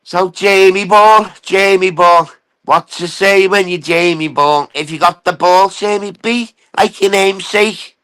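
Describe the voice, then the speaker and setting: A man's voice: high voice, steady tone, a little slow, pushed and bright, clean tone, low-quality recording. A man rants on his live stream, taunting an absent rival and swearing as he rambles. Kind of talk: ranting casual live stream.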